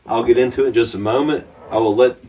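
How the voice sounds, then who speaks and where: A man co-hosting a podcast in casual chat, relaxed and swearing a lot, with plenty of fillers. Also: mid-range voice, fast, far from the mic, slight background noise, low-quality recording. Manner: laid-back, swears a lot, many fillers. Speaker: podcast co-host.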